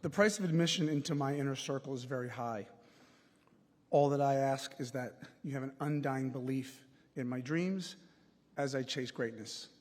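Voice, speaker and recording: A man's voice: medium pitch, moderate pace. Man giving a speech in an echoing hall. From United States. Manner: earnest, with frequent fillers and restarts. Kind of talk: prepared acceptance speech. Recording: long reverb of a large hall.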